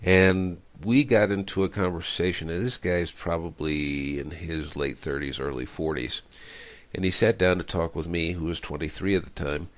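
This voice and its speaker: A man's voice: low voice, steady tone, normal speed. A middle-aged man hosting a radio interview, rambling and reflective, telling stories with many fillers. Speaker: radio show host.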